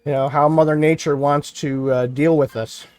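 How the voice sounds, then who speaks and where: A man's voice: on the high side, steady tone, moderate pace, darkish tone. A man from New York State chatting casually on a live game stream, rambling and thinking aloud as he plays. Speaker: gaming streamer. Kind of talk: casual live-stream chat while playing.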